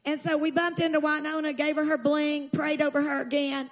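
A woman preacher telling a story in a sermon, emphatic and slowing down to stress key lines, calling on the audience to respond. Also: high voice, little pitch movement. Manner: urges the audience to respond aloud.

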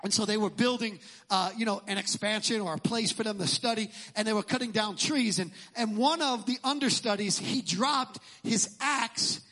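A middle-aged male pastor preaching a sermon in a church, speaking emphatically and sometimes shouting, and acting out the lines he quotes. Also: high voice, moderate pace.

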